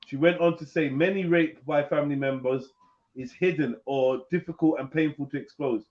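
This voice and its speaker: A man hosting a casual live panel, reading an article aloud haltingly with jokes, over a video call. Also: fairly high pitch, steady tone. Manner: joking, reads aloud haltingly. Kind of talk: casual live-stream banter. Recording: dull lo-fi stream audio.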